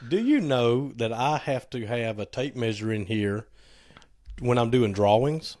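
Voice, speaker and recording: Slightly hoarse, joking man podcaster. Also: medium pitch, expressive, measured pace, darkish tone, no echo, clean studio sound. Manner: joking, teasing storyteller. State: a little hoarse. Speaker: podcast co-host. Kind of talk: casual podcast chat.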